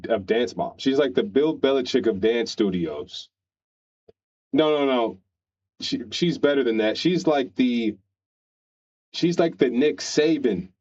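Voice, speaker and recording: A man's voice: fairly low pitch, a little mellow, highs cut off. A man streaming, ranting casually in a crude, opinionated way and rambling through restarts.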